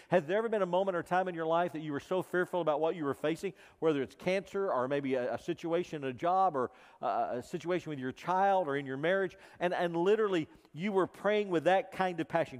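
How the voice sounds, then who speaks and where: Male pastor, sermon delivery, fervent then hushed, slightly high voice, long reverb of a sanctuary. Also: a little fast, hardly any pauses. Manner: impassioned, swinging from loud emphasis to quiet intensity. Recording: reverberant hall.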